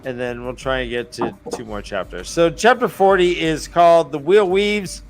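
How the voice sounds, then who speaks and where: A man's voice: on the high side, faint music behind. A man hosting a book podcast who recaps chapters casually, with many "uh"s and "um"s. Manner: unhurried, filler-heavy recapping. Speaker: podcast host summarizing chapters.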